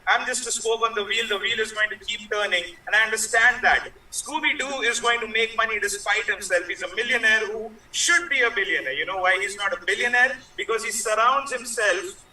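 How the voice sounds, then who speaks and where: A man plays a bitter male wrestling boss on his way out, ranting scornfully in a very high, piercing voice. His insults are delivered with a cutting edge. The sound is echoey, from a room and well back from the mic. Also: a little fast, few pauses, bright, forceful tone, recorded from a distance. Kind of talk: improvised comedy character promo.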